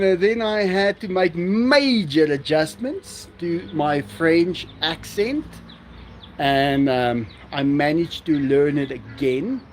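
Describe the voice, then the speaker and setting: A man's voice: high-pitched, slight background noise. A man, hosting a live stream in casual chat and answering viewers, laughing often.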